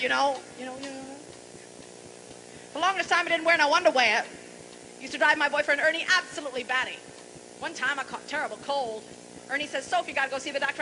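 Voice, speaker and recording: A stand-up comedian and singer with a high, brassy voice delivers bawdy stage jokes, salty and mock-forgetful. She talks fast but leaves long pauses. It's recorded live in a large, boomy venue with loud audience noise throughout.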